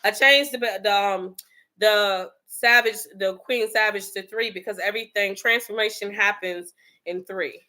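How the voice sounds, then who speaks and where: In an unhurried, mid-range voice with a sharp tone, a woman from the Bronx, New York hosts a casual livestream. She chats and greets viewers by name.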